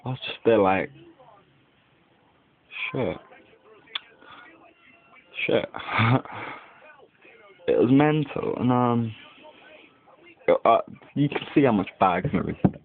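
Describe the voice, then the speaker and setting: A young male vlogger with a medium-pitched, creaky voice and lively intonation speaks slowly with long pauses, rambling at home by a window. He uses "like" heavily and swears a lot, all on tinny lo-fi webcam audio.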